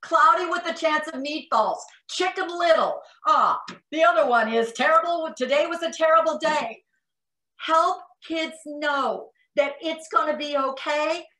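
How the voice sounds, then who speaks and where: A middle-aged woman gives an animated talk to parents, slipping into little acted-out dialogues between parent and child. Her voice is bright and a touch high, and it rings in a roomy space. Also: a little slow. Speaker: parenting expert speaker.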